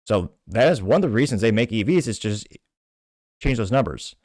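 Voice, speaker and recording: A man hosting a commentary show rants with indignant emphasis about politics and business. His voice sits a little low and sounds close and dry, with no room echo. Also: lively intonation, brisk, darkish tone. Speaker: show host.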